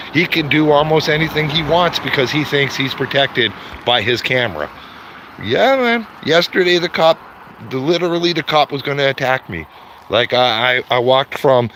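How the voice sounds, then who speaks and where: A man's voice: mid-range voice, sharp tone, a little hiss or hum. A man chatting casually on a livestream while walking his dog through his neighborhood, rambling and calling everyone "man". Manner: rambling, repeats greetings, says "man" often. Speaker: livestreaming street auditor. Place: outdoors on neighborhood streets.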